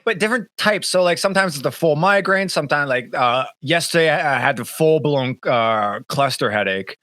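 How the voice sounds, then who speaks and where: A man's voice: a little high, expressive, moderate pace, pushed and bright, no echo. A man co-hosting a podcast in casual chat, rambling and swearing, full of fillers and restarts. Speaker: podcast co-host. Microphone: webcam setup.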